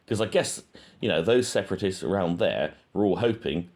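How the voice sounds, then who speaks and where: A man with a low, deep voice speaks in a loose, unscripted monologue. He thinks aloud and hesitates often, filling the pauses with ums as he weighs his points. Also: sing-song, a little mellow. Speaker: true-crime channel host. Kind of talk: casual spoken monologue.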